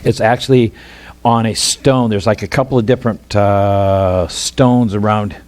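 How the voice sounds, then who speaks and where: A middle-aged man with a Midwestern American accent, preaching a sermon in an animated, rambling way with many restarts. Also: lowish voice, measured pace. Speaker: pastor.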